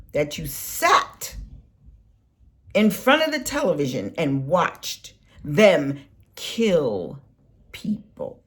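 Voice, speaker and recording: A woman delivering an impassioned, scolding political rant in a vlog, preaching and swinging between soft and loud. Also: on the low side. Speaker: political commentary vlogger.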